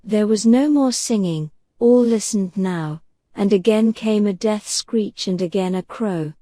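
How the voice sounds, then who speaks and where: A woman narrating an audiobook in a calm, soothing bedtime reading style. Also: mid-range voice, measured pace, dry recording.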